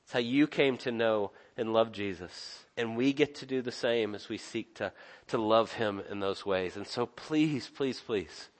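A male pastor delivering a sermon at an ordinary middle pitch. He preaches earnestly, letting his emphasis swell on key points and checking in with the congregation through rhetorical questions. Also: a little slow.

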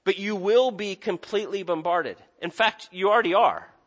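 A man's voice: sits high, moderate pace, fairly bright tone. A young man preaching a sermon in an earnest, conversational way, often restarting his sentences. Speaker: pastor.

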